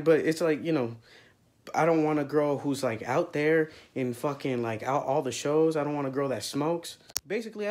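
A young man hosting his own video, delivering a loud, heated, profanity-filled rant to camera. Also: on the high side. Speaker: vlog host.

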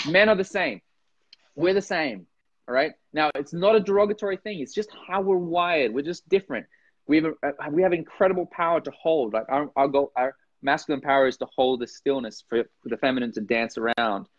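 A man from Norway, a podcast guest talking casually and animatedly, acting out voices with big pitch jumps. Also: no room sound, lo-fi sound. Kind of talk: casual conversation.

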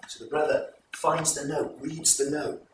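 A man presenting a folk performance, retelling the tale to a live audience in a measured, explanatory way. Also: fairly high pitch, level tone, a little hiss or hum. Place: live event hall. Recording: echoey hall recorded from far off.

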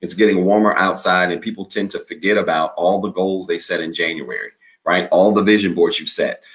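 Deep-voiced upbeat preaching pastor. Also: male voice, a bit bright. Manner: upbeat, preacherly, slow deliberate declarations. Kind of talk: sermon with responsive reading.

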